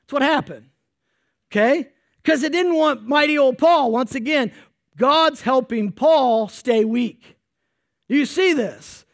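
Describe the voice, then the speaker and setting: A pastor's sermon from a man with a strikingly high voice. He preaches with energy, sweating, pushing hard on key words and then dropping into quiet intensity. The sound is dry and close. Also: slow, dry recording.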